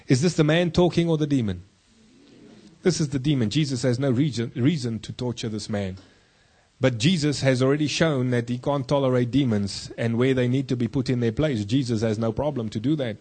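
Preaching to his flock, this husky-voiced male pastor fires off rhetorical questions and eases into a slower, deeper delivery whenever a point matters most. His tone leans somewhat dark.

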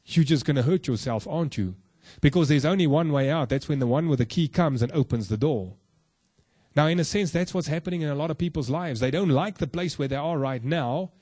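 A man's voice: breathy edge, no room sound. Earnest preacher man, dry close sound. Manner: earnest, direct, addresses listeners with questions; slow emphatic phrasing with soft low drops. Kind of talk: sermon. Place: room with a congregation.

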